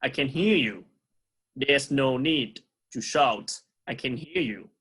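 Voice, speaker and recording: A man with a Vietnamese accent teaching an English lesson to young pupils, saying words slowly and repeating them for the class. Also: medium pitch, expressive, a bit bright, husky. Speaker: primary school English teacher. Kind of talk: recorded online lesson.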